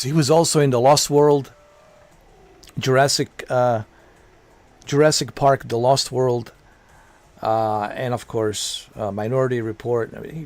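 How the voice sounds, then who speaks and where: A man's voice: mid-range voice, a little mellow. A man chatting casually on a live game stream, rambling and repeating himself, with casual swearing.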